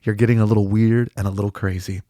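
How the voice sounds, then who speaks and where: A man playing a needy inner voice: soft, pleading, a bit lower than his own talk, dry. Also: little pitch movement, quick pace, no echo, lightly acted. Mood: soothing. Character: man's clingy needy male inner voice.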